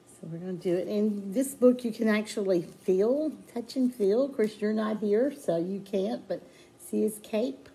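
Librarian lady doing baby storytime, singsongy and encouraging, warm soft voice. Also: mid-range voice. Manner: slow, sing-song and encouraging, singing nursery rhymes. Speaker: children's librarian. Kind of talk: sing-along storytime for babies.

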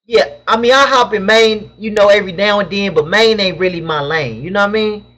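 A young Southern California man hosts a casual live stream, reading chat questions aloud and answering them with loose, slangy banter. His voice is high and fairly bright, and he talks fairly quickly. A webcam mic gives the audio a dull, lo-fi sound.

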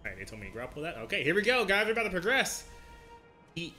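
Excitable man yelling through gameplay. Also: sits high, fast, faint music behind. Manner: excitable, trash-talks and yells at enemies. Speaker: gaming video host. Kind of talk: gameplay commentary.

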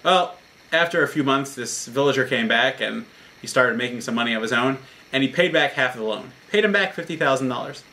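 Earnest rabbi, man, explains a parable with a bright, forward voice. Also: medium pitch, expressive, a little fast. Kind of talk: short Torah talk.

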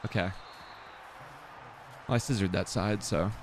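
A man's voice: deep voice, steady tone, measured pace, background noise. A young man muttering casual commentary to himself while streaming a football video game, self-deprecating and swearing.

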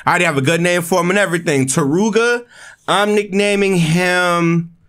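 A young man giving excited, slangy commentary while playing a video game, jumping up in pitch when he reacts. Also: brisk. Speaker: gaming video creator. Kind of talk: excited let's-play commentary.

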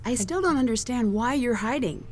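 A woman voicing a polite young female detective in a video game, even and measured. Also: fairly high pitch. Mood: apologetic.

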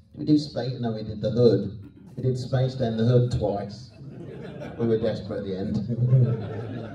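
Male panel guest, low pitch, mellow tone, easygoing storyteller; roomy hall sound, distant mic. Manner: chatty, self-deprecating, laughs often. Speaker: guest actor on a convention panel. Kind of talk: anecdotal panel Q&A. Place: convention hall.

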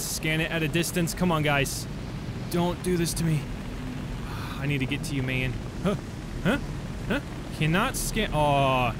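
A young man commenting on a game he is playing, his voice sitting a bit high and swinging widely as he reacts. He gets loud and swears when something surprises him, then settles back into chatter. Faint game noise runs under his talk. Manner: excitable, bursts into shouts of surprise, swears freely. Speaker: let's play host. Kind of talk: gameplay commentary.

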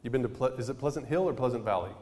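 A man's voice: medium pitch, rapid-fire. A man preaching a sermon in a casual storytelling way, acting out the people in his anecdotes. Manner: animated storyteller, acting out quoted voices. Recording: reverberant hall.

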